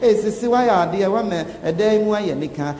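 Animated Ghanaian preacher in echoey hall. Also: male voice, high voice, a little fast. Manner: animated, laughing, acts out quotes. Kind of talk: sermon. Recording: echoey hall with faint ambience.

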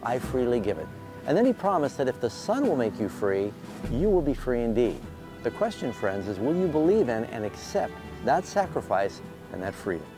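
A man's voice: medium pitch, very animated, moderate pace, low-quality recording. A man delivering an earnest devotional message, quoting scripture and appealing to listeners. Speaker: preacher. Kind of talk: devotional sermon segment. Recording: music bed behind.

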